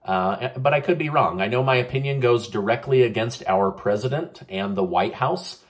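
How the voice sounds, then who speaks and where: A man runs through the day's headlines in a casual news-commentary style, stopping to give his own opinion. He fills his pauses with "uh" and often turns to his viewers to ask what they think. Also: medium pitch. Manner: opinionated, frequent "uh" fillers, asks viewers for comments.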